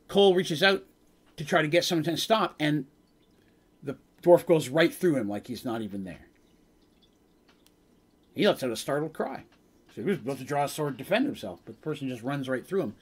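A man's voice: mid-range voice, husky. A man acting as game master, retelling a tabletop game session in dramatic narration with casual asides.

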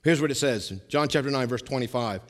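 A male pastor preaching a sermon, jumping from loud emphasis to hushed asides and repeating key lines. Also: medium pitch, fast. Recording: long hall reverb.

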